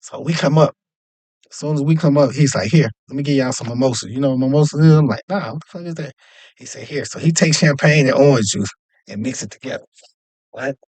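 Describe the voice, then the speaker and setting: A young man casually telling a long, animated story, jumping up in pitch whenever he acts out other people's lines. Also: fast talker, no room sound. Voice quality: animated, acts out quoted voices with jumps in pitch. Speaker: podcast host.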